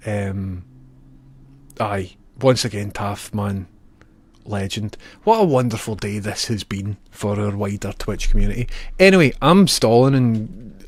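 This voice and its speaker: A man's voice: fairly low pitch, no echo. A young Scottish man chatting casually on a live stream, trading jokey banter, laughing often and rambling through asides.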